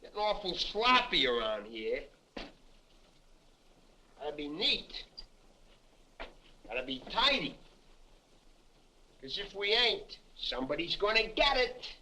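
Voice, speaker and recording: A pompous, fussy army sergeant. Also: male voice, sits high, very animated, slow pace, long pauses, pushed and bright, heavily acted, poor audio. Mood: bossy. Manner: bossy, drawling, self-important. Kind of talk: 1950s film acting. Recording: old film soundtrack, light hiss.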